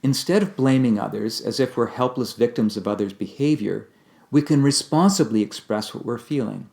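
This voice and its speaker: A man giving a calm, measured instructional talk on communication, explaining ideas step by step. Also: medium pitch, creaky. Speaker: communication teacher.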